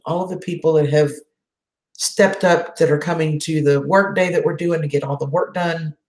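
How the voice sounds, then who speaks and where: A woman's voice: low voice, a little mellow, reverberant. A woman hosting a casual live chat, emotional as she answers viewer comments. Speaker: channel host doing a live chat.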